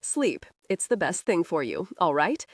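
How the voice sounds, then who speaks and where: A woman reading the part of a man who leads an FBI unit, speaking in a calm, firm and steady way. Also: on the low side, a little slow, dry recording, studio quality. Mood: gentle.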